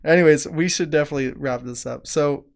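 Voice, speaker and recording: A man's voice: on the high side, fast, gravelly. A man with a Canadian accent, co-hosting a casual podcast chat, joking and laughing often as he talks. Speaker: podcast co-host. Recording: live stream.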